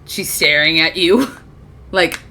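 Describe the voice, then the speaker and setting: A woman's voice: deep voice, slow, pushed and bright. Tired woman running a tabletop game. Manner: casual, laughs between lines. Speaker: game master.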